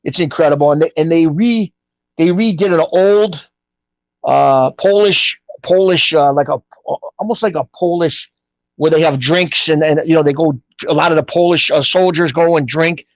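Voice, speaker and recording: A middle-aged man, a guest telling stories in a casual interview, rambling and animated with street-style grammar. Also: on the high side, normal speed, no room sound. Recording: dull, dry lo-fi audio.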